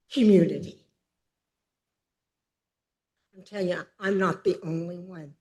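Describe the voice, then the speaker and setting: A woman in her seventies speaking at a city council meeting, emphatic and upset, pausing as she tries to hold herself together. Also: medium pitch, a little mellow. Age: 70s. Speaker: public commenter. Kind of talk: public comment at a council meeting.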